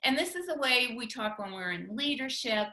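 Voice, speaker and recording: Bright-voiced woman teaching in an echoey room. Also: fairly high pitch, animated, normal speed. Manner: chatty, laughs often, many restarts. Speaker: communication workshop speaker. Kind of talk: teaching talk with spouse.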